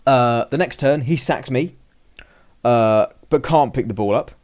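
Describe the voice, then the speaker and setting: A man telling the story of a tabletop match in casual podcast chat, his voice sitting at an ordinary middle pitch. He rambles and restarts often, acting out what he and his opponent said along the way. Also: unhurried, darkish tone. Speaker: podcast host recounting a game. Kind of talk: casual chat, play-by-play recap.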